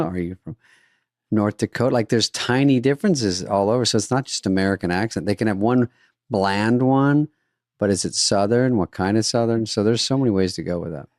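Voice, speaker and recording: An older man co-hosting a podcast with a dry, offhand way of talking. His voice sits fairly low. It is recorded close and dry. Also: lively intonation, normal speed, darkish tone, no echo. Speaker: podcast co-host. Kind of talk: casual chat.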